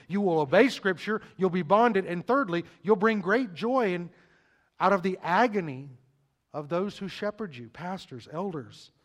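A middle-aged man preaching from the pulpit in a fairly high voice. He drives his points home emphatically and tumbles over repeated words when he gets going. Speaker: pastor. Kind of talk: sermon.

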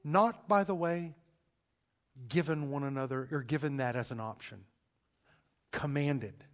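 A man's voice: mid-range voice, a little slow. A middle-aged male pastor preaching a sermon, emphatic and urgent, often repeating words as he speeds up.

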